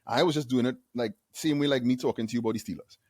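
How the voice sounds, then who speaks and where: A man in his forties from Trinidad with a Trinidadian accent, a guest telling stories in a casual interview, self-deprecating and quick to laugh. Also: medium pitch, dry recording, studio quality. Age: 40s. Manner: animated storyteller, self-deprecating, laughs often.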